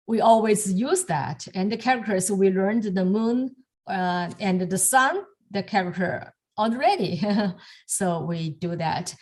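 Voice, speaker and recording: A woman teaching calligraphy over a video call, with halting phrasing and frequent restarts. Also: medium pitch. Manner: halting, many fillers and restarts, soft laughs. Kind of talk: online lesson demonstrating strokes.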